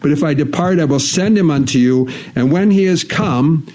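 A man's voice: fairly high pitch, moderate pace, a little mellow. A man preaching a sermon, reading scripture verses aloud and repeating key phrases for emphasis.

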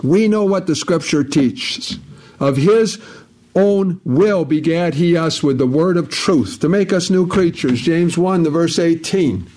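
A man's voice: on the high side, a little slow, a little mellow. A man preaching a sermon, emphatic and repetitive, quoting scripture at length.

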